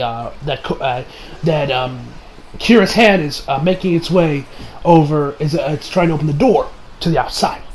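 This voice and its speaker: A man's voice: a little high, a little mellow, slight background noise, rough recording. A man giving a casual, rambling video review of an anime, full of fillers, restarts and swearing.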